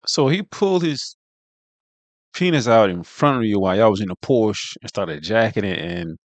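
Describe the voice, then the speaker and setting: A man's voice: lowish voice, very animated, fairly quick, dry recording. A man co-hosting a casual commentary chat, slangy and incredulous, often asking "you know what I mean". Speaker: co-host.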